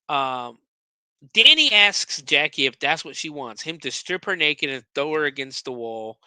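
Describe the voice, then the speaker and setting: A man's voice: fairly high pitch, very animated, a little slow, sharp tone, clean tone, dry recording. A man hosting a podcast, recapping a movie scene by scene in a casual, profane, sarcastic way, often stumbling over his words.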